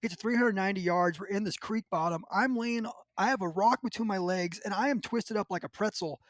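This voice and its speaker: Man, high voice, dry close mic, animated podcast storyteller, acts out quotes, laughs a lot. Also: a little fast, no room sound. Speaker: podcast host. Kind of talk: casual storytelling chat.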